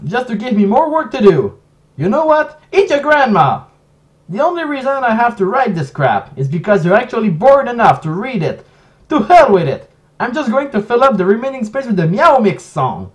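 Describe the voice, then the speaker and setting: A non-native English-speaking man voicing a sneering male narrator who insults the reader in a loud, mocking, exaggerated way. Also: high-pitched, sing-song, slow, pauses often, far from the mic, exaggerated voice. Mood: exasperated. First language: not English.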